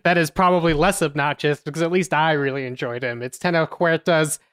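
A woman hosting a podcast, reviewing a film in a measured way with many "uh" fillers. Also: low-pitched, fairly even intonation, background noise. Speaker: podcast host.

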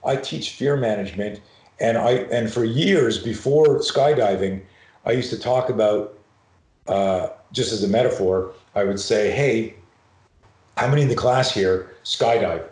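Middle-aged Canadian-raised guest, lowish voice, animated, swearing storyteller, echoey room. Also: male voice, unhurried. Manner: animated, profane, acts out voices in his anecdotes. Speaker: podcast guest, self-defense and fear expert. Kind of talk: storytelling in a podcast conversation.

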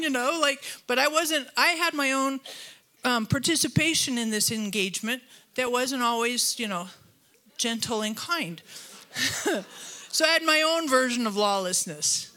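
Bright, lively woman preaching. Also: fairly high pitch, unhurried. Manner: lively, self-deprecating storytelling with humor. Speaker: guest preacher. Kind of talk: sermon. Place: church auditorium.

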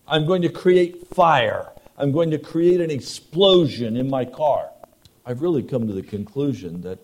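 A male pastor preaching a sermon, moving between loud emphatic lines and hushed, intimate tones. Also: medium pitch.

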